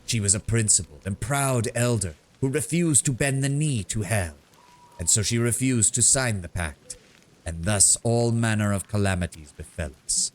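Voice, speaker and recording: A man voicing a shrewd, worldly male kobold bard in a video game, speaking in a measured storytelling way. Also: fairly low pitch, animated, voice pushed up, close to an everyday voice. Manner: measured storytelling, grows sonorous and dramatic. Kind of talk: reading game dialogue aloud.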